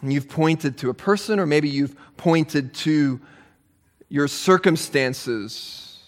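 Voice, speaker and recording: A man preaching a sermon as pastor, animated and emphatic, with touches of humor. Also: a little high, slow pace, big-room sound.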